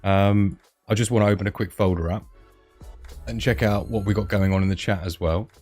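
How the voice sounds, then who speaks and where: A man's voice: on the low side, steady tone, brisk, darkish tone, soft background music. A man hosting a casual livestream, chatting in a rambling way and reading out viewer comments. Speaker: livestream host.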